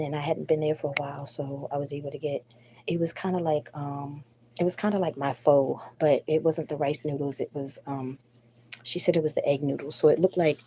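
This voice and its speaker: Low-voiced woman, sick with flu, blunt, profane, rambling phone live stream from home. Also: dark tone, slight background noise. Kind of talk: casual live stream venting. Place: at home at night.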